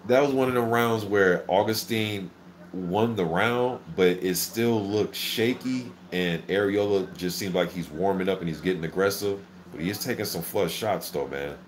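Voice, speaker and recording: A man hosting a casual live boxing reaction, calling the action play-by-play in an excitable, filler-heavy way. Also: low-pitched, moderate pace, a little hiss or hum. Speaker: boxing channel host. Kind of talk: live fight commentary reaction.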